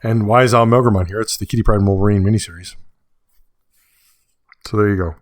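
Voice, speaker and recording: A man hosting a casual solo podcast, chatty and rambling, correcting himself and getting excited in asides. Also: on the low side, fast, no echo, studio quality. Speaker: podcast host.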